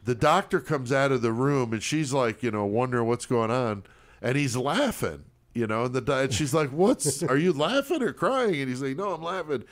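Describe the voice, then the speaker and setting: A man, co-hosting a podcast and telling a profane story in a lively way, and he mimics the voices of the people in it. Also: medium pitch, a little fast. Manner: animated, profane, mimics voices in his stories. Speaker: podcast co-host. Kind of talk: casual storytelling.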